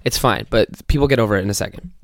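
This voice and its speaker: A man's voice: on the low side, rapid-fire, gravelly, no room sound, clean studio sound. A young man hosting a podcast, ranting casually with lots of swearing and mocking impressions of people he quotes. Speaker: podcast host. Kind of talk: casual comedic rant.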